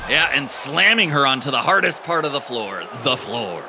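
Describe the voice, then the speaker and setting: An animated man does improvised comedy wrestling commentary as a play-by-play commentator, speaking at a moderate pace in a fairly high voice. His delivery is deadpan and rambling, crammed with fillers, and the recording has a noisy background.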